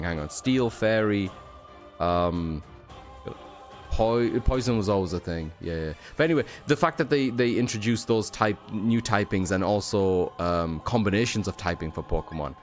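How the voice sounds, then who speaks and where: A man's voice: low voice, normal speed, soft background music. A young man streaming a game, talking in a tired, rambling way full of fillers and casual swearing. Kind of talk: casual gameplay commentary.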